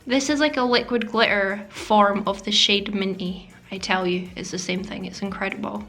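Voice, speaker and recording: A woman talks through a makeup tutorial in a chatty, self-deprecating voice-over, her voice carrying some vocal fry at a middle pitch. She slips into near-whispers now and then, and light music plays faintly beneath her. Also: fairly even intonation, moderate pace, a bit bright. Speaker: beauty vlogger. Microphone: voice-over mic.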